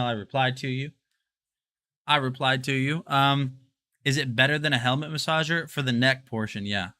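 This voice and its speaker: A young man hosting a live product showcase stream, chatting casually and excitably straight to his viewers. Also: medium pitch. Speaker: livestream product showcase host.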